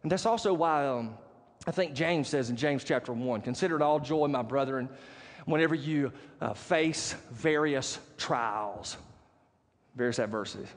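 A man's voice: medium pitch, normal speed. A man preaching a sermon as pastor, telling a personal story and often checking in with the congregation. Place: church sanctuary. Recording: long church hall reverb.

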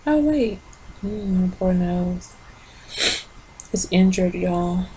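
A woman's voice: fairly low pitch, expressive, very slow, dark tone, a little hiss or hum. A tired woman rambling through a casual lipstick review into her phone, talking straight to her viewers. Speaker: beauty vlogger.

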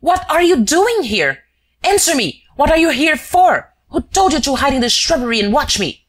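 A woman reading an audiobook, voicing an agitated English male detective who fires off indignant, shouted questions. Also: fairly low pitch, expressive, unhurried, husky, pitched above the performer's own voice, exaggerated voice. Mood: angry.

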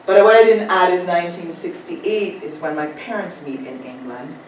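A woman's voice: fairly low pitch, normal speed. A woman from Jamaica with a Jamaican accent, giving a reflective academic talk at a symposium and asking for the slides to be changed. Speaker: panel speaker. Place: lecture room at a symposium. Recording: echoey room, far from mic, faint noise.

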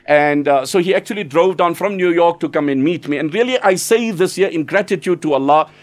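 A man giving an earnest, urgent Islamic lecture, exhorting listeners and breaking into quick Arabic recitation. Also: on the high side. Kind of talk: sermon.

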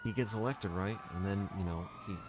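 Man in game role-play, lowish voice, rapid talk, scheming tone, noisy voice chat.

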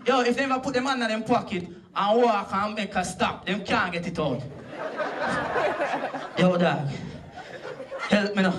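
A man doing stand-up comedy in a voice, rowdy and mocking, shouting his punchlines. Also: sits high, moderate pace, pauses often, noisy background. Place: comedy club stage. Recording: far-off camera in a loud crowded hall.

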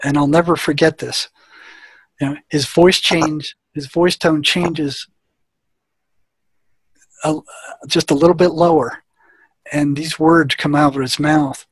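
Husky-voiced man telling a story. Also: on the high side, steady tone, slow, long pauses, dry recording. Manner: plain-spoken, acts out quoted dialogue. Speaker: guest, former prison therapist. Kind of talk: anecdotal storytelling in conversation.

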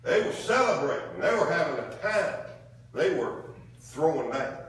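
A man preaches in a folksy, conversational style and keeps drawing call-and-response from the congregation. His voice sits a little high for a man. It is heard from a distance in a very echoey church, with faint noise underneath. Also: big pitch swings, moderate pace, a bit bright. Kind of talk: sermon. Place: church sanctuary. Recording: echoey room from far off.

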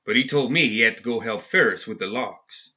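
A man's voice: mid-range voice, fairly quick, pushed and bright. A man voicing a mean, sly outlaw gang boss in a dull lo-fi audiobook recording. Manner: sly, grinning. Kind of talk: audiobook story reading.

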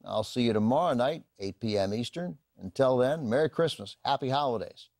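Measured male film host, dry sound. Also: medium pitch, lively intonation, a little mellow, no echo. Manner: measured, informative, lists titles. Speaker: classic film channel host. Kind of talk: scripted TV film introduction.

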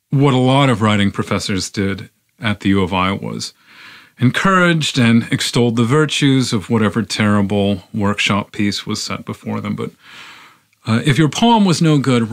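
A man reading a poem aloud on a podcast, then reflecting on it in a measured, unhurried way with thoughtful pauses. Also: mid-range voice, vocal fry, dry recording, studio quality. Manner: measured and unhurried, with pauses and fillers when speaking freely. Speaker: podcast poetry reader. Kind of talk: slow poetry reading and reflective commentary.

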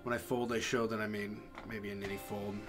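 Low-voiced man narrating poker hands. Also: flat delivery, loud music behind the voice. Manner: halting, many fillers and restarts. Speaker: poker vlogger. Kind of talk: voice-over commentary on poker hands.

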